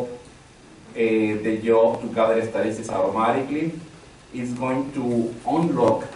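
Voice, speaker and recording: A man leading a live technical training session, talking conversationally, repeating key phrases and polling the audience. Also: medium pitch. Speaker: instructor. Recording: very echoey room from far off, faint noise.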